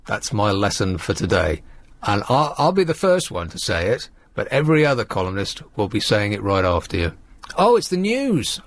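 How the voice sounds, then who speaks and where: A man's voice: medium pitch, no echo. A man hosting a radio talk show, rambling and sardonic as he chats opinionatedly into a studio microphone. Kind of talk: casual radio chat.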